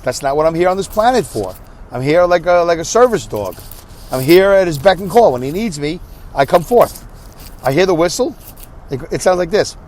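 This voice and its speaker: In a casual monologue, a middle-aged podcast host who sounds tired tells a wandering story, acting out both speakers in a conversation with animation and frequent self-interruptions. He talks at a moderate pace in a voice on the high side.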